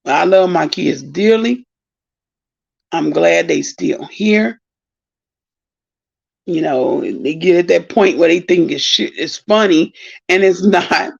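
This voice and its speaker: A middle-aged woman telling a long, animated story in a casual live-stream monologue, exclaiming and rambling. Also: lowish voice, takes it slowly, pauses often. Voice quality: gravelly, husky. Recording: dull lo-fi sound.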